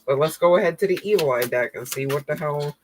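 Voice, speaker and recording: Blunt, low-voiced woman reading tarot. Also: fast talker, slight background noise, poor audio. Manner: blunt, profane, slangy, laughs often. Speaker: tarot card reader.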